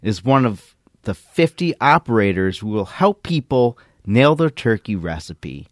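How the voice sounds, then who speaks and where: A young man co-hosting a casual podcast, reading odd news stories aloud with deadpan, crude humor. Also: on the low side, measured pace, no echo, studio quality. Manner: laid-back, deadpan, crude joking. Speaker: podcast co-host.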